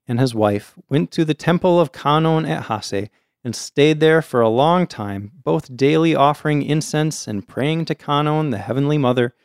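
A man reads an old folktale aloud in a casual podcast manner, stepping out of the text now and then for friendly asides. His voice is smooth and resonant at a middle pitch, recorded close and dry. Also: dry recording. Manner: reads steadily, breaks off for chatty asides. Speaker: storyteller host.

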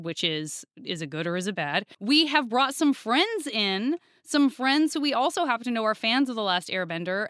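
A woman hosting a podcast, introducing guests in a playful, animated way. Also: on the high side, no room sound, studio quality. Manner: playful, animated, pauses for comic effect. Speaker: podcast host. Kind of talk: casual podcast chat.

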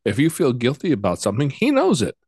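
A man hosting a casual interview, talking in a relaxed, halting way and often repeating his words. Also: mid-range voice, breathy edge, no room sound, clean studio sound. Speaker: podcast host.

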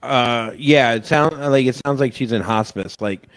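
A man co-hosting a podcast, telling a long story and acting out loud shouted quotes. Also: mid-range voice, normal speed. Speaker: podcast co-host. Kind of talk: casual chat.

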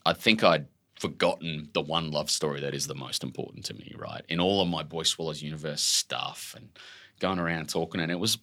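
A man in his forties with an Australian accent, a guest telling stories in an animated way, full of "like" and casual swearing. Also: very deep voice, brisk. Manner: expressive, fills speech with "like", swears casually. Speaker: author guest. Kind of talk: animated conversational storytelling.

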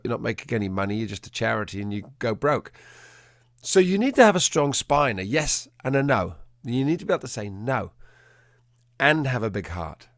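A man, a dog trainer, telling a story in an animated way and acting out the quotes in a changing voice. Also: mid-range voice, dry recording, clean studio sound. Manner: animated, acts out quotes in a shifting voice. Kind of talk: conversational storytelling.

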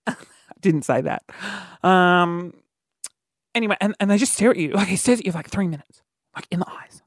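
A man's voice: high-pitched, moderate pace, pauses often, no room sound, clean studio sound. A man hosting a solo podcast, telling a story in a cheeky, rambling way full of fillers and restarts. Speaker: podcast host.

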